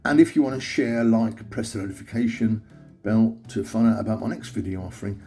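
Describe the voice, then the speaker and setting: A man's voice: on the low side, fairly even intonation, fairly quick. Chatty man hosting a cooking demonstration. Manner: chatty, upbeat, talks through each step. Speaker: cooking show host. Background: soft guitar music.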